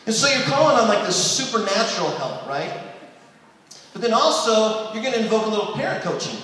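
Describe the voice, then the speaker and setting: A man doing a stand-up routine, telling a long family story and dropping to a soft hush for quoted lines. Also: sits high, very animated, a little fast, a little hiss or hum. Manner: storytelling, drops to a soft hush for quoted prayers and bedtime talk. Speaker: stand-up comedian. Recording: echoey hall from far off.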